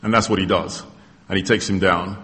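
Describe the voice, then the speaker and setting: A man preaching a sermon, telling a Bible story with animated, acted-out quotes. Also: low voice, a little fast. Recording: hall reverb.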